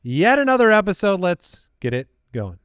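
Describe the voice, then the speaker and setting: A man's voice: high voice, very animated, normal speed, over loud music. A man co-hosting a comedy podcast, asking wry, skeptical questions in casual banter. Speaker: podcast co-host.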